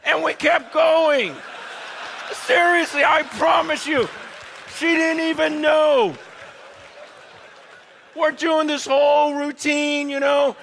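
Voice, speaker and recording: A man preaching a humorous sermon story, animated and laughing often, speaking straight to his audience. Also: extremely high pitch, takes it slowly, creaky, pauses often, a faint crowd, a little hiss or hum. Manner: addresses the audience directly.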